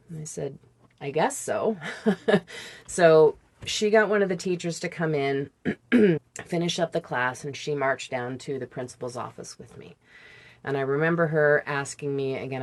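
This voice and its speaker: A woman in her forties, a podcast guest, telling a personal story in conversation with candid, halting recollections. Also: deep voice.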